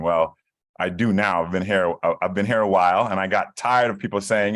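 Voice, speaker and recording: A man in his forties from Saint Kitts talks in a low, dry voice on a video call. He tells stories in a relaxed, chatty way, full of fillers and restarts. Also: a little fast, dry recording. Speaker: guest. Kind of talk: casual interview over video call. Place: hotel room.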